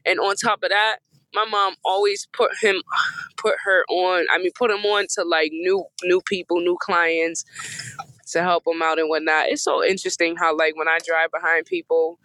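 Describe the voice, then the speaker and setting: A woman in her thirties from Boston, hoarse from a cold, hosting a podcast and telling a casual story with slangy, profane, emphatic repetition. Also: fairly low pitch, fairly even intonation, normal speed, fairly bright tone, dry recording, low-quality recording. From Boston, USA. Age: 30s. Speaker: podcast host.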